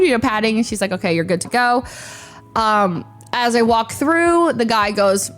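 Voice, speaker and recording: A young woman, a streamer, telling a story in a lively, casual way with lots of fillers and sound effects. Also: a little high, brisk, faint music behind.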